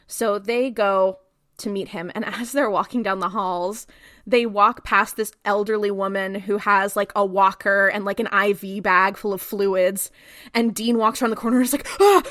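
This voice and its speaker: Woman podcast co-host, casual animated recap, dry close mic, mid pitch. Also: moderate pace, dry recording. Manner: animated retelling, acts out quotes.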